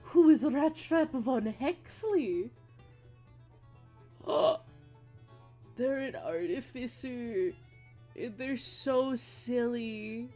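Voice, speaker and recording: Woman streamer, unhurried, slightly high voice, giggly, gushing, faint music behind. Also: lively intonation, mellow. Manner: gushing, giggly, exclamatory, swears casually. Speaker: art streamer. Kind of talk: casual livestream chat while drawing.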